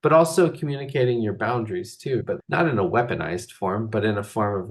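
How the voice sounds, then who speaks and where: Speaking slightly quickly and with few pauses, a lowish-voiced man runs a relaxed spiritual talk. The coach and host rambles, his words heavy with filler and constant "like."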